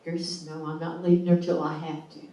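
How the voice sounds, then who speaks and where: A woman's voice: low voice, flat delivery, fast, mellow. A middle-aged woman shares a personal testimony at a church gathering, voicing the people in her story with strong emotion. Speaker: guest speaker sharing a testimony. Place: church hall. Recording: echoey hall, mic at a distance.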